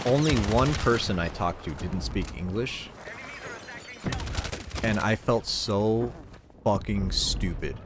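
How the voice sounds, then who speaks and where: A man's voice: fairly low pitch, expressive, a little slow, music in the background. A young American man chatting casually on a game stream, rambling with lots of fillers and swearing. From United States. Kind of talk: casual gaming stream chat. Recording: game gunfire loud behind voice. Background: gunfire and game sounds.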